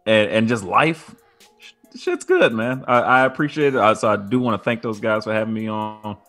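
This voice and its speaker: Man, podcast co-host, low voice, laid-back, profane, faint music. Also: very animated, moderate pace, a bit bright. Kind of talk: casual chat.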